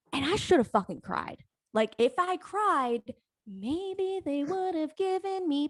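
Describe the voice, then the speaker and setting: Profane, animated young woman storyteller. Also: fairly high pitch, dry recording. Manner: profane, animated, self-mocking. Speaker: live stream storyteller. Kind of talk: comic personal storytelling.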